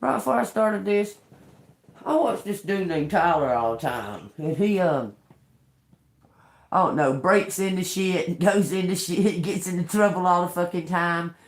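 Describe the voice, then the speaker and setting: A woman tarot reader on a livestream, swearing freely and breaking into laughter. Her voice is gravelly and swings widely in pitch, and she talks at an unhurried pace in a roomy, echoing space. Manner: profane, laughing often, animated. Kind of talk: live tarot reading, casual ranting. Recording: roomy echo.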